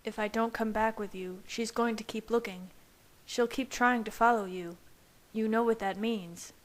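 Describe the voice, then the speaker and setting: A woman's voice: on the high side, fairly even intonation, normal speed, lightly acted. A woman voicing a brooding young male vampire who speaks in a restrained, earnest way.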